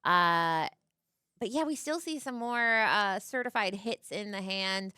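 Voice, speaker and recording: A woman's voice: medium pitch, a little slow, bright, forceful tone, clear, resonant tone, no echo. A woman gives loose, playful commentary on a card game match, often laughing and acting out what the players might say. Her voice sits in a middle register and sounds dry and close to the mic.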